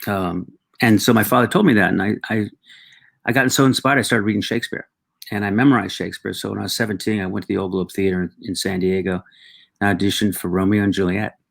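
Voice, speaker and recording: Gravelly, low-voiced man telling stories. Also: steady tone. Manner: reflective, halting, with frequent restarts and acted quotes. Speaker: guest. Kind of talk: reflective personal storytelling.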